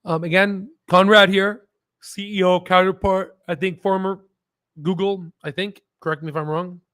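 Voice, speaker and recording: A man with a high voice talks through stock news casually and loosely, drifting into jokes and checking in with "right?". The sound is dry and close. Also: level tone, normal speed, fairly bright tone, no room sound. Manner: rambling, jokey, keeps asking "right?". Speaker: stock market video host.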